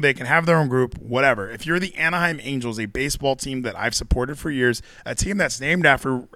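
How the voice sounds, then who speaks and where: A man's voice: fairly high pitch, fairly bright tone, dry recording. A man co-hosting a casual podcast, ranting with sarcasm and mock quotes. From Texas. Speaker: co-host.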